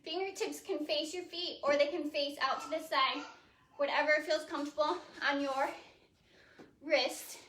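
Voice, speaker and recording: A woman leads a pilates class in an echoey warehouse studio, recorded on a phone, her voice set high. She speaks at an unhurried pace, calling out each move and counting down reps with easy encouragement. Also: fairly even intonation, a bit bright, distant mic, slight background noise. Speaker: pilates instructor. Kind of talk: cueing a home workout class.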